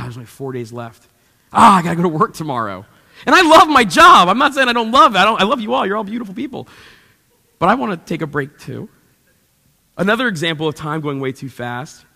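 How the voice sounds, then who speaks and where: A young man preaching from a church stage, his voice pitched high and ringing bright. He tells animated stories with playful asides to the congregation, and the sound hangs in a long hall reverb. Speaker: pastor. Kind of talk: sermon.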